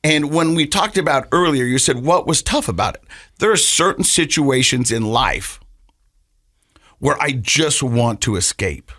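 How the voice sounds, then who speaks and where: A middle-aged man co-hosting a podcast, telling a personal story in an earnest, halting way and often repeating his words. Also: mid-range voice, lively intonation, fairly bright tone, no room sound, clean studio sound. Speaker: podcast co-host.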